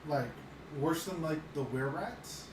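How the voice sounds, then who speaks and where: Man, offhand joker at the game table, a bit high, echoey room with faint noise. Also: slow. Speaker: player. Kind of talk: casual chat at a game table.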